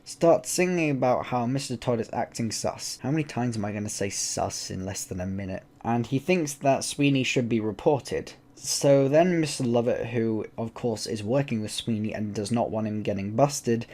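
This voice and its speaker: A man's voice: mid-range voice, normal speed, hardly any pauses, a little mellow. A man casually recapping a horror film for his channel, with jokey, self-deprecating asides. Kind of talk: casual comedic movie recap.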